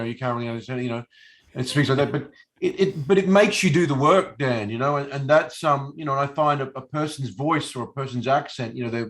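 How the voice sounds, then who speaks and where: A man's voice: mid-range voice, a bit bright. A middle-aged man, an actor being interviewed, talking casually in a rambling, hesitant way with many fillers and restarts. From Australia. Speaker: actor guest.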